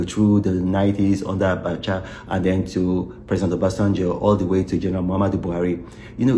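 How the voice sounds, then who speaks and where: Deep, mellow man explaining. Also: a little hiss or hum. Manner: measured, explaining. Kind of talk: explanatory commentary.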